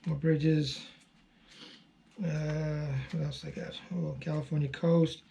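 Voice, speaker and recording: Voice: mid-range voice, little pitch movement, slow pace, creaky, dark tone. An online postcard seller hosting a casual unboxing video, chatting and gushing over each card with frequent fillers.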